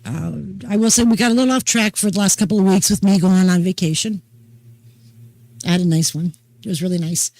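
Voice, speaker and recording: A woman's voice: on the low side, a little mellow, no room sound, low-quality recording. Chatty older woman, dry sound. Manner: chatty, folksy, unhurried storytelling. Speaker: host. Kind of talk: casual chat.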